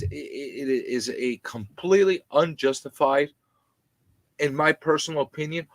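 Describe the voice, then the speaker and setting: A man hosting a live stream, ranting about landlords in an animated, indignant, repetitive way. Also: on the high side, moderate pace, no echo, poor audio.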